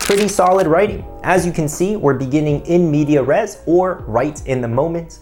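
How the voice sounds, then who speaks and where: Brief: upbeat male essay coach, chatty explainer, soft music underneath. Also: a little high, moderate pace, few pauses. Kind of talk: instructional video.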